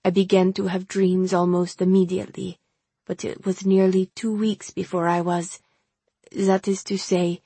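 A woman reading the lines of a tired, frightened man who is a circus clown, speaking weakly in a halting, formal way. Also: on the low side, flat delivery, mellow, slightly rough, no room sound. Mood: weak, haunted. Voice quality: weak voice.

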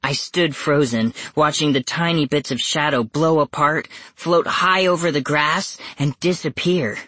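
An audiobook narrator with a slow, husky, medium-pitched and fairly bright voice performs first-person scripted horror for young readers. The pacing is measured and suspenseful, growing tense at scary moments, with no echo.

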